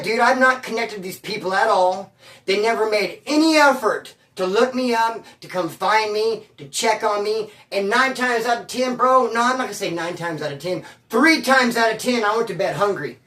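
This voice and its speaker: A man's voice: sits high, expressive, normal speed, bright, forceful tone, reverberant, recorded from a distance. A man telling stories about prison life in a casual, slangy, streetwise way, full of bro and dude. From California. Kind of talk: casual storytelling monologue.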